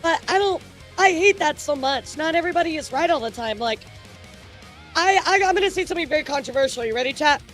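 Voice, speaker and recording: A woman's voice: sits high, lively intonation, fast talker, a bit bright, soft background music. A woman hosting a live stream, talking casually to her chat, chatty and repetitive with frequent laughs. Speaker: streamer news host.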